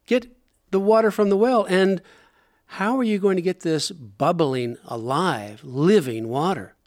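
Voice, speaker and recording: A man's voice: sits high, a little slow, a little mellow, voice pushed up. A man reading the lines of a skeptical Samaritan woman, lifting his voice into a mildly sarcastic questioning tone.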